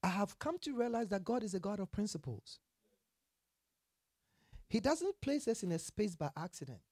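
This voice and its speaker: A preacher giving a sermon with Bible reading, asking the congregation questions and answering them, and building to emphatic loud passages. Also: medium pitch, sing-song, moderate pace, husky, no room sound, studio quality.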